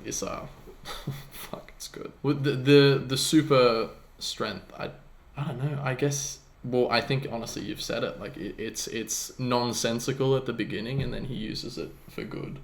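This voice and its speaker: A man's voice: mid-range voice, steady tone, measured pace, creaky. A man co-hosting a podcast, talking casually about a film, swearing freely and acting out lines from it. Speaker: podcast co-host. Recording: roomy echo.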